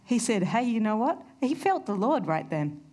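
A woman's voice: fairly high pitch, very animated, normal speed, dark tone. Earnest woman preaching a sermon. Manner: earnest, storytelling with conversational asides.

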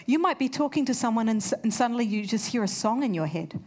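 A woman's voice: fairly high pitch, expressive, fast talker, a little mellow. A woman preaching a sermon, earnest and conversational, telling personal stories. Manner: earnest, storytelling with conversational asides.

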